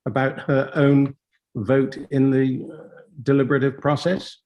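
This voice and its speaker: A man's voice: mid-range voice, flat delivery, measured pace, dull audio. Probing male appeal judge. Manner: probing and skeptical, pressing counsel with questions. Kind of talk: judicial questioning in court.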